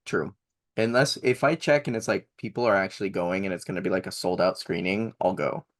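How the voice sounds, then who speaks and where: A man's voice: low voice, fairly even intonation, brisk. A young man co-hosting a podcast in casual chat, enthusiastic and rambling, laughing often. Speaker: podcast co-host.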